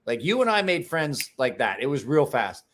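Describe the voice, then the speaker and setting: Animated, swearing storyteller man. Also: mid-range voice, moderate pace. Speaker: livestream host. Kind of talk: casual chat.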